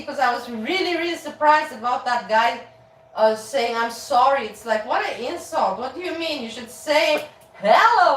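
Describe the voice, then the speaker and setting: Woman streamer, high voice, chatty and swearing, roomy echo, faint music behind. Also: recorded from a distance, slight background noise. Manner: chatty, animated, laughs often, swears freely. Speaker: live streamer cooking. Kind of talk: casual live-stream chat while cooking.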